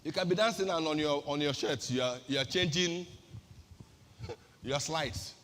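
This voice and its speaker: A woman's voice: low-pitched, measured pace, fairly bright tone, big-room sound. A woman pastor with a Nigerian accent giving an emphatic sermon-style talk, firing off rhetorical questions and repeating her key phrases.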